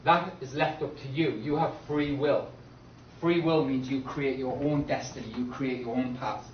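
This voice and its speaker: A male teacher lecturing a class in a slow, emphatic way, often checking in with "okay?". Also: medium pitch, fairly even intonation, slight background noise. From Britain. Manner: repeats "okay?" to check understanding, slow emphatic key words. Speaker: English teacher. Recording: echoey classroom from far off, dull and lo-fi.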